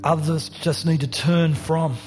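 A man's voice: a little high, flat delivery, measured pace, darkish tone, soft background music. A man preaching a sermon as pastor, passionate and building to emphatic repeated lines. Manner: passionate, rising to emphatic repetition. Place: church hall.

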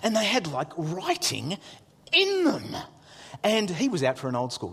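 Lively, husky-voiced pastor man. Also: high voice, unhurried, long reverb tail. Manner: animated, excitable, jokey asides. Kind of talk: humorous storytelling sermon.

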